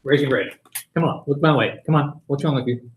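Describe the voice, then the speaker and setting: In a meeting room at a user group meeting, a man with a fairly high, fairly quick voice chats and jokes casually with others. The recording sounds roomy, with faint noise.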